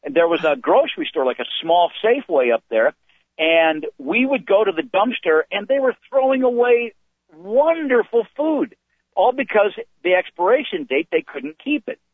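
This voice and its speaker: An older male comedian telling rambling, animated anecdotes as a guest, heard over a phone call. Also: sits high, moderate pace, dry recording. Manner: rambling, animated storytelling with restarts. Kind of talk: anecdotal storytelling. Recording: tinny phone line.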